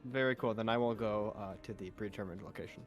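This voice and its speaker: A man speaking as a player in a tabletop game in a relaxed, easygoing way. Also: lowish voice, fast talker, faint music behind.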